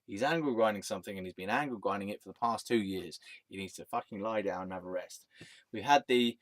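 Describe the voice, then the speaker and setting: A man's voice: on the low side, quick pace, no room sound. A man telling a rambling, sweary personal story as a vlogger, often breaking into laughter.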